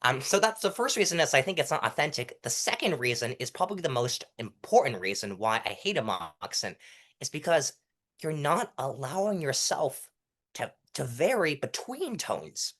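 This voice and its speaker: This is a young man giving advice on courtroom presence in a relaxed interview. His pitch rises and falls a lot. He keeps stopping to act out short lines and shows how loud and soft delivery sounds. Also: normal speed. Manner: animated, demonstrates delivery by reciting lines at different volumes. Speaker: interview guest, mock trial competitor. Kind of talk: casual coaching interview.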